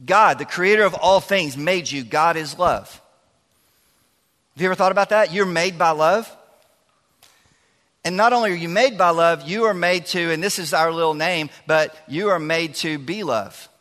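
A man preaching as a youth pastor, his voice bright and forceful and a little high. He keeps it chatty and lively, joking with the crowd. His voice rings out with a long reverb through a large church hall. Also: normal speed, pauses often. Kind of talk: sermon.

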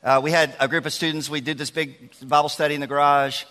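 A man's voice: fairly high pitch, fast talker. A man, preaching to teenagers and the church in a chatty, joking way. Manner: lively, chatty, jokes with the crowd. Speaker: youth pastor. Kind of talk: sermon. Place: large church hall. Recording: long hall reverb.

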